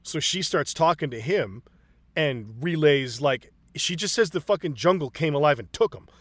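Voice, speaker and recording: A man's voice: fairly high pitch, expressive, normal speed, no echo. A man casually and profanely retelling movie scenes, acting out the characters' lines.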